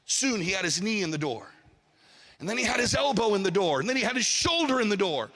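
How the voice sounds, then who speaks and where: Male preacher, storytelling sermon, high bright voice, reverberant church hall. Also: fast. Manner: animated, calls for audience response.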